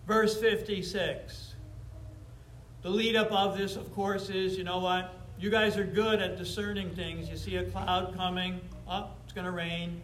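A man preaching a sermon to his congregation, emphatic, with slow drawn-out stresses and casual asides to the room. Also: high voice, fairly even intonation, a bit bright, a little hiss or hum. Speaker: pastor. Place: church sanctuary before a congregation. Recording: roomy echoey church sound.

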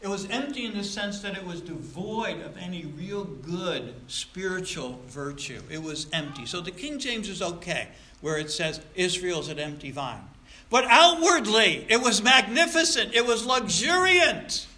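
A man preaching in a church sanctuary, his bright, high voice hammering key words and then sinking low for asides. The sermon rings through an echoing room, with faint ambience underneath. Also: animated, moderate pace, hardly any pauses, a little hiss or hum. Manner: emphatic, swinging between loud stresses and quiet asides. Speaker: pastor. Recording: roomy echo.

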